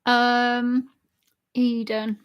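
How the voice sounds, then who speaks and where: A woman's voice: a little high, flat delivery, extremely slow, dull audio. A young woman live streamer chatting casually with her chat and laughing often while she drinks. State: drinking alcohol.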